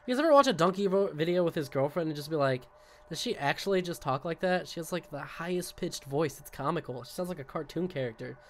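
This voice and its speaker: A young man streaming a video game, talking casually with excitable outbursts, rambling asides and a lot of swearing. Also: a little high, fast talker, a little hiss or hum. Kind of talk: casual gaming commentary.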